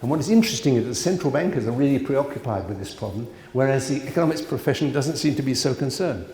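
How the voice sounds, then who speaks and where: A man's voice: medium pitch, lively intonation, quick pace, a little mellow. Man lecturing in an echoey hall. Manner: conversational, digressive, frequent asides and fillers. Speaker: economics professor giving a lecture. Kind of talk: conference lecture. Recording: roomy lecture hall reverb.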